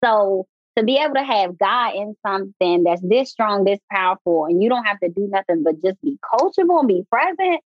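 A woman guest coach chatting casually in an interview, animated and slangy, often laughing. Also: mid-range voice, a little fast, hardly any pauses, no room sound. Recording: dull lo-fi dry sound.

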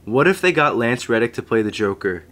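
A young man co-hosting a podcast, joking around casually with deadpan bits. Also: mid-range voice, fairly quick. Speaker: podcast co-host. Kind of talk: casual chat.

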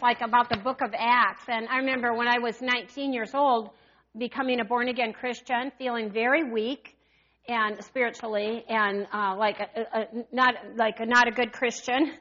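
A woman in her sixties preaching a sermon, animated and calling out to the congregation for responses. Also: a little high, moderate pace, lo-fi sound.

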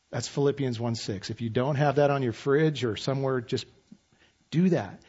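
A man in his fifties preaching a sermon as pastor, relaxed and conversational with self-deprecating humor. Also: medium pitch, moderate pace, breathy edge, highs cut off.

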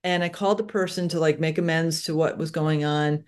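A woman hosting a spiritual podcast, talking in a reflective, animated way about her own experiences. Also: deep voice, a little fast, clean tone. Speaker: podcast host. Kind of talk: spiritual interview talk.

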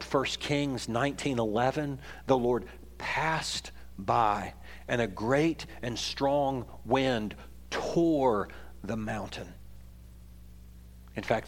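A pastor with a mid-range voice preaches a sermon that swings between loud, emphatic stretches and quieter moments. He raises his voice whenever he reads scripture aloud.

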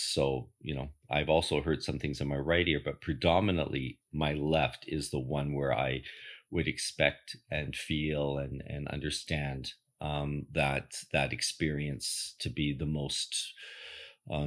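Very deep-voiced older man telling stories. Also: flat delivery, a little slow, fairly bright tone. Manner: earnest, storytelling, emphatic. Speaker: podcast host and medium. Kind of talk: reflective podcast monologue.

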